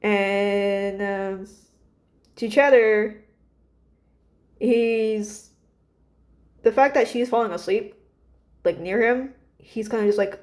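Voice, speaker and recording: A woman's voice: medium pitch, takes it slowly, pauses often, a little mellow. A woman casually retelling a story about her characters, rambling with many fillers and restarts.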